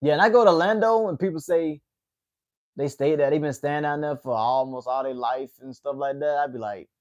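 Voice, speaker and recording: Host: late-20s Southern man with an Atlanta accent, relaxed and chatty, talking to his viewers. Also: a little high, fairly quick, lo-fi sound. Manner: laid-back, chatty, reacting to chat. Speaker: livestream host. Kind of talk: casual chat with viewers.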